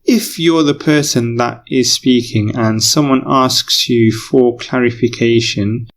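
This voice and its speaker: A man's voice: mid-range voice, steady tone, slow pace, slight background noise. A male English teacher explaining a lesson patiently, repeating key phrases for learners.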